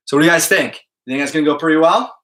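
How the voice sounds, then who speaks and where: Male math teacher, upbeat and casual, slightly high bright voice, keeps checking in with students. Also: very fast. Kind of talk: live online class talk to students.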